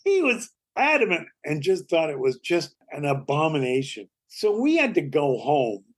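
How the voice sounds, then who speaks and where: Older man telling lively stories. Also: on the high side, moderate pace. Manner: lively anecdotal storytelling, acts out quoted voices. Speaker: comedy actor and writer, guest. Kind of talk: storytelling interview.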